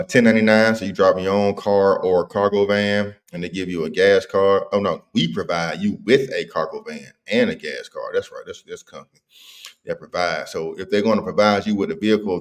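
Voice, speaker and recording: A man's voice: deep voice, a little fast. A man hosting a casual livestream, talking in slang and reading viewer comments aloud. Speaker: livestream host.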